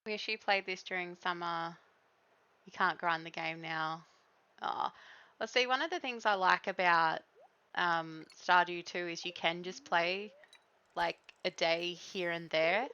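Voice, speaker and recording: A young Australian woman chatting casually with viewers while playing a game, easygoing and quick to giggle. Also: lowish voice, bright, forceful tone, smooth, dull audio. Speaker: streamer. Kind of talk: casual chat while gaming.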